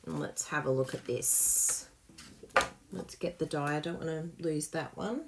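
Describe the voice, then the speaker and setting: A woman's voice: low voice, measured pace, very noisy. A woman hosting a live papercraft tutorial, chatty and self-mocking, laughing often and gushing over her work as she demonstrates.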